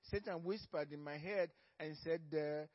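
High-voiced pastor preaching, dull lo-fi recording. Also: male voice, moderate pace. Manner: emphatic, repeats key phrases for stress; swings between loud stresses and soft low asides. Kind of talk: sermon. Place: church.

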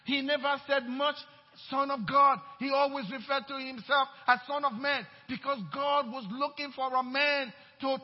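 A man preaching a sermon as pastor in a church, emphatic and repeating his phrases. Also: very high-pitched. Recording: dull, echoey church hall.

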